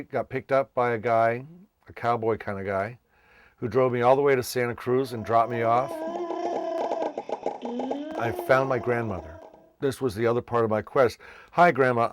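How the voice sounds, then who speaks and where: A man's voice: mid-range voice, normal speed, background noise. A man from Massachusetts, a children's entertainer, casually telling his life story and acting out the voices of people he met. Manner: animated, acts out quoted voices.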